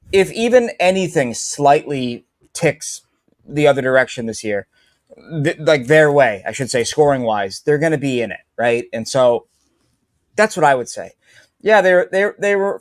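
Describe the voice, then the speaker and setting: A man who works in sports radio, talking hockey in a lively, fast, casual way. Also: on the high side, no room sound, clean studio sound. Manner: animated, fast storytelling with repeats.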